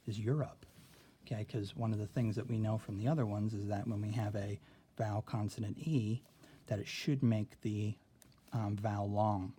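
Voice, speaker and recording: A man's voice: on the low side, steady tone, normal speed, warm tone, a little hiss or hum. A male teacher talking students through a phonics word sort, patient and step by step, often checking in with "okay?". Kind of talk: classroom phonics lesson.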